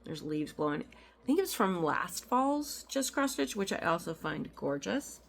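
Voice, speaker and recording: A woman with a fairly low, creaky voice and big pitch swings chats unhurriedly in her apartment, showing off cross-stitch finds. Her show-and-tell rambles into asides, full of ums.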